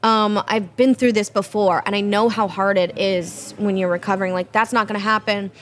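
A woman's voice: mid-range voice, a little fast, slight background noise. A young woman, a dinner guest, chatting casually and acting out what people said as she tells a story. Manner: animated storyteller who acts out what others said. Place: restaurant.

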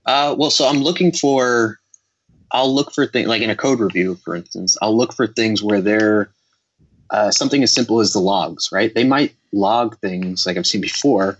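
A man's voice: on the low side, normal speed, muffled recording. A man on a video call, chatting casually about his work, rambling and self-deprecating. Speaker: guest security developer. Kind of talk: casual podcast discussion.

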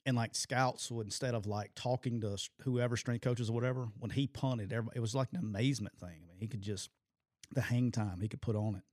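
A man's voice: medium pitch, fast talker, no echo, clean studio sound. A middle-aged man and former football coach telling stories in casual sports talk, laughing often and acting out what others said in raised voices. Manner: animated storytelling, quoting people in raised voices, laughs often.

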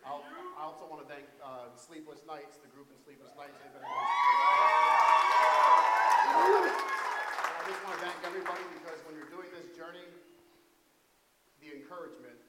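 A man's voice: fairly high pitch, fast. A man on stage giving an earnest, emotional thank-you speech. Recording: echoey hall, loud crowd and noise.

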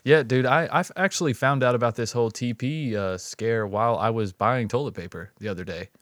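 A relaxed man in his thirties with a drawl, chatting casually on a podcast. He tells his stories loosely and laughs often. The sound is dry and close, with no room around it. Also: mid-range voice, a little fast, dry recording. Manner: laid-back, laughs often, drawling storyteller. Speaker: podcast co-host. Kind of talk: casual chat.

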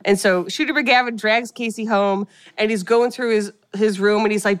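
A chatty woman with a medium-pitched, clear and resonant voice animatedly recaps a film as a podcast co-host, slipping into character voices in quick asides. It's a casual chat recorded in a clean studio with no room sound.

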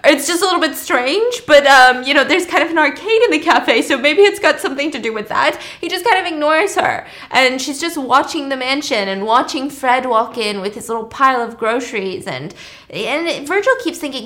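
A woman's voice: sits high, expressive, normal speed, fairly bright tone. Chatty woman retelling a film. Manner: chatty, slangy, laughing asides. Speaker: storyteller host.

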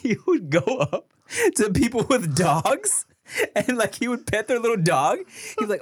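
A man co-hosting a podcast, telling excitable stories in casual chat and breaking into laughter and shouted quotes. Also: sits high, normal speed, slightly rough, no echo, clean studio sound. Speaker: podcast co-host.

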